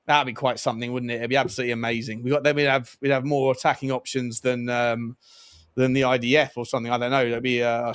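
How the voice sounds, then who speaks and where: A man's voice: medium pitch, a bit bright, smooth. Jokey male livestream host. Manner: jokey, quick, swears. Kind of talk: casual livestream chat, reading super chats.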